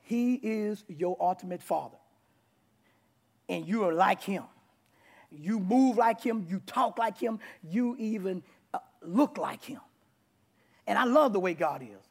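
A man preaching to a church congregation, animated, mixing shouts and laughter. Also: high-pitched, measured pace, gravelly, breathy edge. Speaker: pastor. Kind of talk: sermon.

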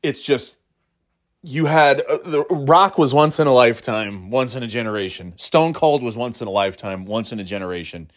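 A man chatting on his own in a loose, rambling way, full of uhs, likes and restarted sentences. His voice sits in an ordinary middle pitch. Now and then he drops into a quick mock imitation before carrying on. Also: expressive. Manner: rambling, many fillers and restarts, jokey asides; breaks into short mock catchphrase imitations. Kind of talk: casual solo chat.

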